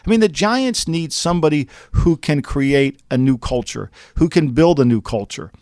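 Animated man riffing on football. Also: fairly high pitch, normal speed, dry recording, studio quality. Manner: animated, rhetorical, laughing asides. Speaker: podcast co-host. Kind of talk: casual sports talk.

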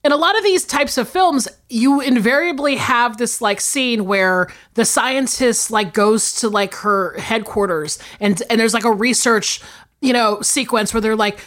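A woman's voice: fairly high pitch, normal speed, a bit bright. A woman co-hosting a podcast, chatting casually and thoughtfully about films. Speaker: podcast co-host. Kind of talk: casual movie chat.

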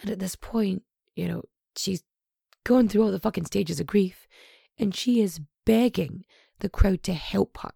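A woman's voice: mid-range voice, measured pace, vocal fry, mellow, breathy edge, dry recording, studio quality. A young woman casually retelling a true crime story, sweary and sarcastic, with lots of asides.

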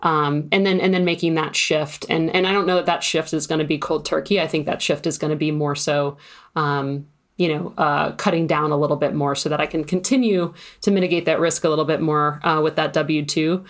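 Woman w a low voice, rambly, lots of "you know"s. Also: fairly even intonation, a little fast. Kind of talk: casual conversation.

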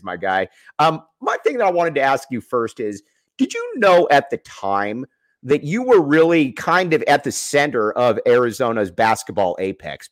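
An animated man hosts a sports podcast, his voice swinging up and down with enthusiasm. He rambles a little while setting up his questions. The sound is dry and close. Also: mid-range voice, no room sound. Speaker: podcast host.

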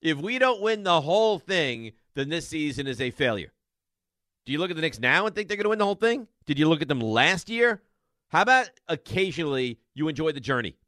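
A man hosting sports talk radio, animated and sarcastic as he rants. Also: on the high side, dry recording, studio quality.

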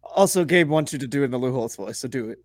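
A man's voice: mid-range voice, animated, fast talker, no room sound, studio quality. A man co-hosting a casual sports podcast, blunt and profane, often exasperated. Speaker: podcast co-host.

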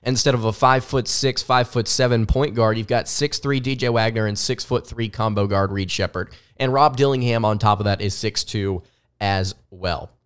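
A man's voice: on the low side, moderate pace, clear, resonant tone. A young man with a slight Southern US accent, hosting a sports podcast with enthusiastic commentary and frequent restarts. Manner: enthusiastic, repeats words when restarting. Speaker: podcast host.

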